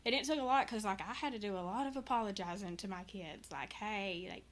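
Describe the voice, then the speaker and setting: A woman in her thirties, appearing as a guest, speaks candidly and earnestly about parenting in a personal conversation. Her voice is medium in pitch and a little fast, and she makes many false starts and restarts.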